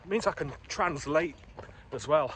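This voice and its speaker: Middle-aged running Geordie man, mid-high voice. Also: animated, measured pace, a bit bright. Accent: Geordie mixed with London. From Newcastle, England. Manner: chatty, frank, talking while running. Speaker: running vlogger. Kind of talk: casual running vlog. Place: outdoors on city streets and canal towpath. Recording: clear urban background noise.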